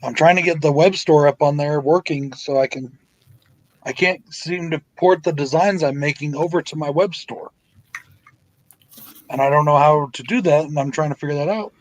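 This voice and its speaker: A man's voice: a little high, normal speed, muffled recording. A man hosting a casual live stream chat, blunt and swearing freely. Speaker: host.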